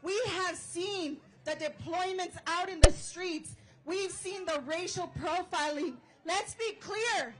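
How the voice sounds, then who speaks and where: A woman giving a fired-up speech at an outdoor protest rally, shouting chants and leading call-and-response. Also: very high voice, slow pace, poor audio. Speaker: rally speaker and organizer.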